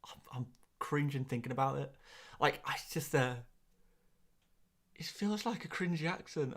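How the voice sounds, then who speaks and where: A man's voice: medium pitch, expressive, moderate pace, long pauses, a bit bright. An English man chatting through a live stream and reading out viewers' questions, in a middle-range voice. His talk rambles and stumbles over repeated words, and he pokes fun at himself. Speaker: host. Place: small cupboard-like room.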